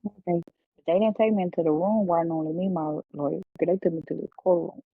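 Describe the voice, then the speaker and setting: A woman's voice: on the low side, fairly even intonation, fast, vocal fry, husky, no room sound. A woman as a podcast guest, telling an emotional personal testimony in a heartfelt, preacherly way. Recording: phone-like, dry.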